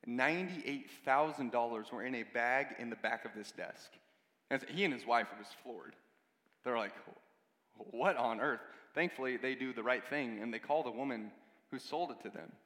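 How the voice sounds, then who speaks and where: A man's voice: mid-range voice, moderate pace, a bit bright. A man giving a conversational sermon, speaking to a congregation with casual asides and repeated words. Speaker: preacher. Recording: long hall reverb.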